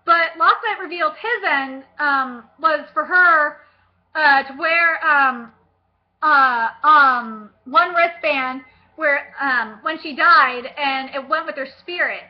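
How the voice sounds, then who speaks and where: A young woman vlogger chatting about a book, gushing and excitable, with lots of fillers and casual swearing. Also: high-pitched, slow pace, dull audio.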